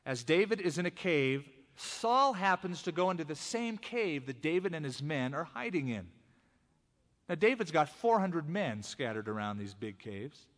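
A man preaching a sermon, telling the story in an animated, conversational way. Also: fairly high pitch, normal speed. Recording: long hall reverb.

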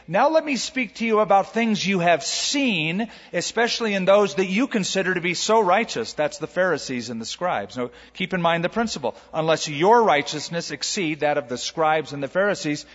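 A man preaching a sermon to a congregation, animated, stretching out key words and putting rhetorical questions to the listeners. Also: high voice, brisk, hardly any pauses. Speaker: pastor. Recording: long hall reverb, dull lo-fi sound.

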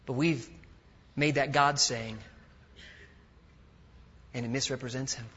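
A man preaching a sermon as a guest speaker, swinging from loud emphatic peaks to quiet, intimate asides. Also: medium pitch, fairly even intonation, takes it slowly, slightly rough. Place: large church sanctuary. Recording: dull audio with long hall reverb.

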